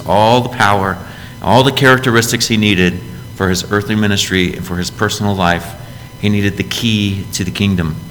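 Male pastor, sermon, lower voice, long hall reverb, faint rumble, conversational preaching with emphatic rises. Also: fairly bright tone. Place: church sanctuary.

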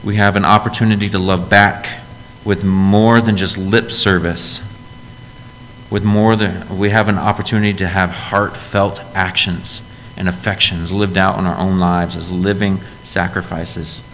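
A man's voice: deep voice, flat delivery, unhurried, a bit bright, in a large hall, a little hiss or hum, poor audio. A man preaching a sermon as a pastor, earnest and direct, often putting questions to his listeners.

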